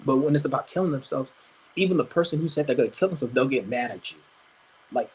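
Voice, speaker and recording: A man's voice: mid-range voice, quick pace, darkish tone, slightly rough, low-quality recording. A man streaming live, ranting crudely and combatively, stumbling over repeated restarts. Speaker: livestreamer. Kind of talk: angry livestream rant.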